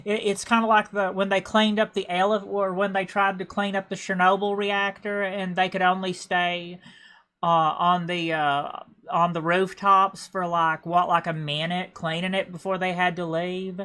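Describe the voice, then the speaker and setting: A woman's voice: lowish voice, little pitch movement, normal speed, fairly bright tone. A woman with an Appalachian accent from Appalachia, chatting casually on a livestream as a game streamer and rambling with stammered restarts and repeated words.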